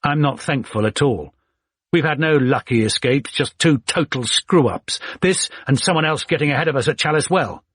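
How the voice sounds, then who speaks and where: A man's voice: mid-range voice, normal speed, fairly bright tone, breathy edge, no echo, clean studio sound, pitched above the performer's own voice. A man voicing a ruthless, impatient male company chairman in an audiobook, curt and hard-driving.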